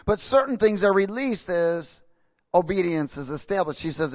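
A man preaching a sermon with emphatic, rising and falling delivery, questioning his congregation and reading scripture slowly with stress. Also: high voice, expressive, a little mellow, no echo, clean studio sound.

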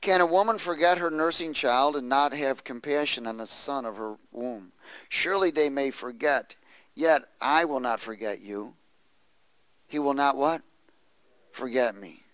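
In a poor, dry recording, a male pastor with a mid-range, fairly bright voice speaks at normal speed. He reads from scripture and calls on the congregation to respond and echo him.

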